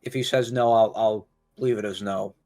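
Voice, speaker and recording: A man's voice: lowish voice, fairly even intonation, a little mellow, soft background music. A man on a voice call, crying and stammering as he talks. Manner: halting, stammering. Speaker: call participant. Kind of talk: emotional voice call.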